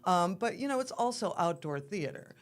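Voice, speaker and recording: Low-voiced woman theater guest. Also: expressive, normal speed. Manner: enthusiastic, explains at length. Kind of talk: casual interview.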